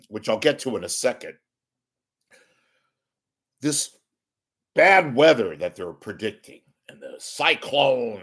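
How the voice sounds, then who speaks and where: A man hosting his own show, ranting casually to camera in a rambling, wisecracking, profane way, often clearing his throat. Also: mid-range voice. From San Francisco Bay Area. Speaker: host of a media commentary show. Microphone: webcam or camera at desk.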